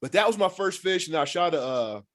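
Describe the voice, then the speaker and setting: A man telling hunting and fishing stories as a podcast guest in casual, animated talk, swearing freely and acting out what people said. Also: high voice, brisk. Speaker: podcast guest, former pro football player. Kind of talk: casual storytelling.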